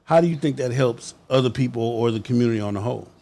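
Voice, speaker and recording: A man's voice: medium pitch, fast, warm tone. A man hosting a casual interview, laid-back and playful, saying "yeah" often while he listens. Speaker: interview host.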